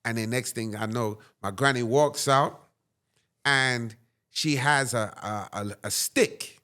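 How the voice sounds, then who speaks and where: A man, a guest on an interview show, telling a personal story with dramatic, animated delivery and frequent "right?"s. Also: medium pitch, takes it slowly, clear, resonant tone.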